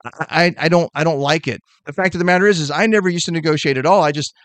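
A middle-aged sales podcast host delivers an energetic motivational talk, fast, emphatic and blunt. His voice is a little high and smooth, recorded with no room sound.

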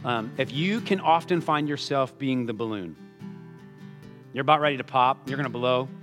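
A man's voice: mid-range voice, normal speed, faint music behind. A man preaching a sermon in a conversational way, calling his listeners folks and acting out the quotes he reads. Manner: conversational, addresses listeners as folks, animated quoting. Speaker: pastor.

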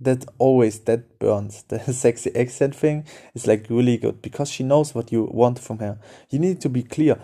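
A man's voice: mid-range voice, normal speed, warm tone. A man hosting a podcast, giving casual dating advice in a direct, repetitive coaching manner. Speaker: podcast host.

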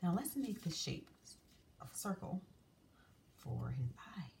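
A woman's voice: fairly low pitch, sing-song, takes it slowly, vocal fry, a little mellow. A woman teaching young children a drawing lesson, coaxing and sing-song as she draws and asks them questions. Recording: distant mic, faint room noise.

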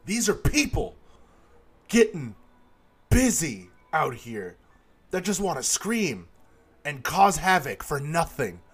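Animated swearing man ranting on a podcast. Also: on the high side, husky. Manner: animated, swears constantly, mimics people he describes. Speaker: podcast host. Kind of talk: profane comedic rant. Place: recording studio booth.

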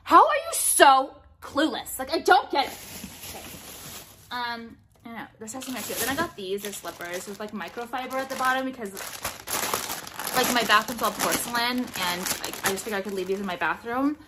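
A woman's voice: on the high side, a little fast. Blunt, swearing woman vlogger, noisy recording. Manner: blunt, profane, ranting. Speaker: vlogger showing purchases. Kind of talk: casual haul chat to viewers.

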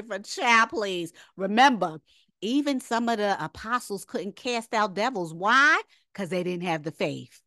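A woman's voice: medium pitch, lively intonation, measured pace, sharp tone, no room sound, clean studio sound. Emphatic woman teaching scripture. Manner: emphatic, repeats rhetorical questions; conversational, drops into casual asides. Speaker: Bible teacher. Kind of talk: informal scripture lesson.

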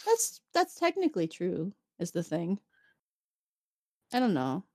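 Chatty woman podcast host, pitch jumping all over, dry close sound. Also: measured pace, dry recording. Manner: animated, acts out characters in quoted voices. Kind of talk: casual chat recapping an episode.

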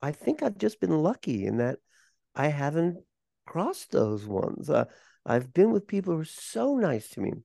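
Older man, podcast guest, gravelly voice, lively pitch, slow unhurried pace, dark tone, dry close mic. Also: no room sound. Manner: animated, warm anecdote telling. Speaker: podcast guest, performer and voice coach. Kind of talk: conversational interview storytelling.

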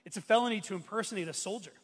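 A man's voice: high-pitched, very fast, husky. A man in his thirties preaching as a pastor from a church stage, telling a story in a loose conversational way full of restarts and fillers. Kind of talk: sermon. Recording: long hall reverb.

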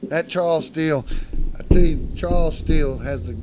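A man's voice: fairly high pitch, normal speed. Man, podcast guest, loose salty storyteller, laughs a lot, slight hum. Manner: animated, laughs often, salty language. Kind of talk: rowdy storytelling. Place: studio.

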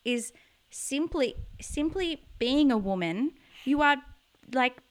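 A woman's voice: high-pitched, lively intonation, slow pace. A woman hosting a podcast interview, earnest and speaking straight to her listeners. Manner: earnest, addresses listeners directly. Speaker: podcast host. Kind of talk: casual conversational interview.

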